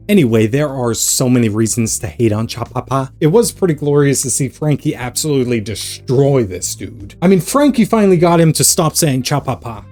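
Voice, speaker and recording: Animated, sarcastic young-sounding man ranting. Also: medium pitch, brisk, few pauses, soft background music. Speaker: anime reaction youtuber. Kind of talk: casual commentary vlog.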